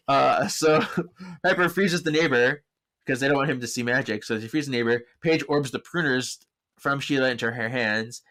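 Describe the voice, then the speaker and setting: A man's voice: mid-range voice, fairly bright tone. Chatty man recapping with frequent laughter. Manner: chatty, laughs often, acts out characters' lines in quick bursts. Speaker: podcast host. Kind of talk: casual recap of a story episode.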